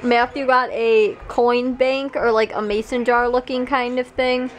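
Young woman vlogging, high voice, giggly and chatty, says like a lot. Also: flat delivery, measured pace, poor audio. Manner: giggly, chatty, lots of "like" fillers. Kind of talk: casual family vlog chat.

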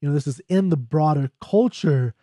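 A man's voice: on the high side, normal speed, dark tone, dry recording, studio quality. A man explaining a poem in a casual lecture, loose and jokey, checking in with "right?" as he goes. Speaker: literature teacher.

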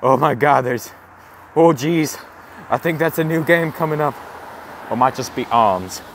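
A man doing a comedic walking vlog outdoors, gasping and swearing in awestruck excitement. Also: medium pitch, unhurried, slight background noise. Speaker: comedic vlogger in character. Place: outdoors, walking around a campus. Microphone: handheld camera.

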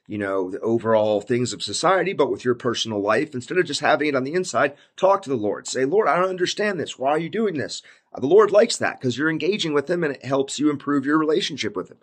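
A man's voice: mid-range voice, breathy edge. Laid-back man explaining scripture. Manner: laid-back, peppered with "like" and "basically"; slows down when reading old scripture aloud. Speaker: Bible commentator. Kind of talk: casual Bible study talk.

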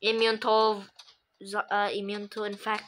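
A woman giving casual, playful commentary over a video game, excitable and making her own sound effects. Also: mid-range voice, measured pace, a little hiss or hum. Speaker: gameplay commentator.

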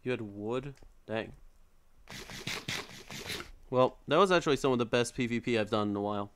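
A man's voice: medium pitch, normal speed, slight background noise. A man commentating his own live game stream, taunting opponents and venting frustration at teammates. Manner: talks to opponents, frustrated outbursts.

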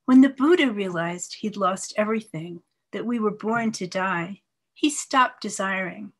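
An older woman in her seventies reads her own poems in a measured, expressive voice of middling pitch. Some lines drop soft and low. Between poems she chats casually with her listeners. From New York, USA. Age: 70s. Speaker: poet. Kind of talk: poetry reading with casual asides.

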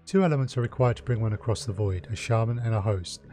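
A man's voice: lowish voice, fast talker, dark tone, faint music behind, natural voice. A man voicing a flamboyant, theatrical male elf who lectures with wry mockery. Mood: lecturing.

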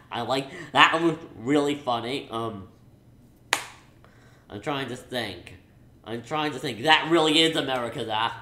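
Excitable rambling young man, echoey room. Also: mid-range voice. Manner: excitable, rambling, many restarts and fillers. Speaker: movie reviewer. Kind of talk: casual spoiler review vlog.

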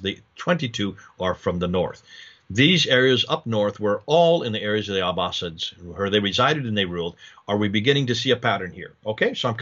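A man's voice: lowish voice, a bit bright, dull audio. A man giving a slide lecture, explaining in detail, asking rhetorical questions and restarting his sentences often.

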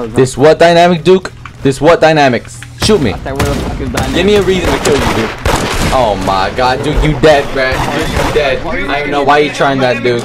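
A young man giving loud, slangy live commentary over his own gameplay, trash-talking other players and often shouting. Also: mid-range voice, lively intonation, normal speed, soft background music. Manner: slangy, repeats lines and ends them with "bruh". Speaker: gaming YouTuber.

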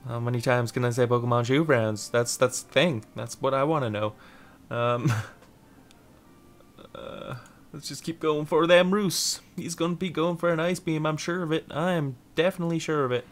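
This gameplay commentator's voice is on the high side, and he talks at an ordinary pace. His let's-play narration is casual and meandering, full of giggles and one goofy catchphrase said again and again.

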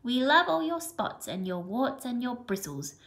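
A woman's voice: fairly high pitch, sing-song, measured pace, fairly bright tone, heavily acted. A woman doing sweet little baby animals. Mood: loving.

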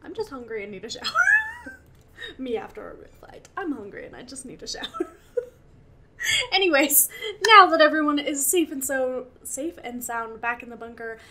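A woman's voice: high-pitched, very animated, moderate pace, pauses often, sharp tone. A young woman commenting on her game as she plays, emotional and laughing often, talking to her characters. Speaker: gaming channel host. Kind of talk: let's-play commentary.

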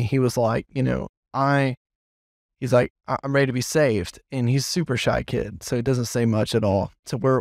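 Brief: pastor, male, animated anecdote-teller, podcast, dry sound. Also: mid-range voice, dry recording. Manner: animated storyteller, lots of fillers. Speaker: children's pastor. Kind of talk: casual podcast chat.

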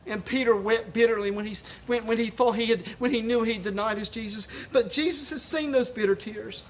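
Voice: mid-range voice, normal speed, slight background noise. A pastor preaching a sermon on video for a church live stream, impassioned and emphatic, often stumbling over repeated words. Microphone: live stream recording.

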